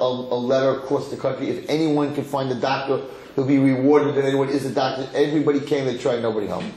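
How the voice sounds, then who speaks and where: A man giving a lively Torah lecture as a rabbi, emphatic and given to repeating words as he builds to a story. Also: medium pitch. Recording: roomy hall with faint noise.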